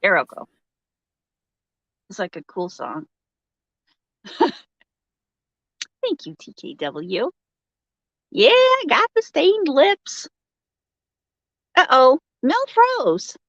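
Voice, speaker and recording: A woman's voice: sits high, wildly swooping pitch, very slow, long pauses, fairly bright tone, no echo. A woman co-hosting a casual crochet livestream over a video call, chatty and giggly, often trailing off mid-sentence. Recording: dull lo-fi video call audio.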